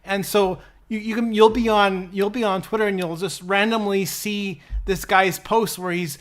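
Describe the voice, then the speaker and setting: A man co-hosting a podcast, speaking haltingly with constant restarts and fillers. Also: sits high, steady tone, fairly bright tone. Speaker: podcast co-host. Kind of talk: podcast discussion.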